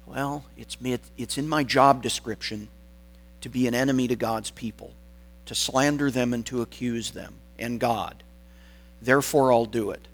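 A man voicing the devil as bored and offhand, going through the motions in a flat way. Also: mid-range voice, normal speed, close to an everyday voice, low-quality recording. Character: bored male devil shrugging off his job.

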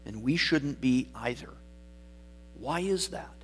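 A man's voice: mid-range voice, animated, slow pace, pauses often, husky. A man preaching a sermon, explaining scripture verse by verse and repeating key words for emphasis. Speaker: pastor.

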